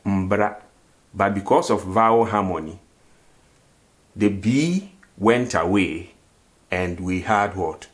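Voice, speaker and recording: This Ghanaian man teaches grammar in a low-sitting voice, going slowly and pausing often. He asks questions only to answer them himself, and drills words by repeating them.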